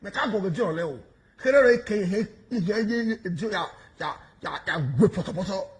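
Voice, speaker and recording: A Nigerian man giving mocking, animated commentary in pidgin, taunting and laughing as he talks. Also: sits high, a little slow. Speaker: online commentator.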